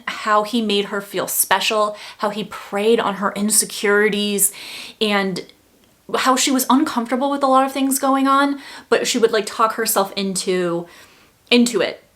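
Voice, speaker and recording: A woman's voice: medium pitch, a bit bright. A young woman talking casually about her favorite books, chatty and full of fillers, getting emphatic when she feels strongly. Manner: chatty, lots of "like" fillers, gets heated and emphatic. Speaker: book reviewer. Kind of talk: casual chat.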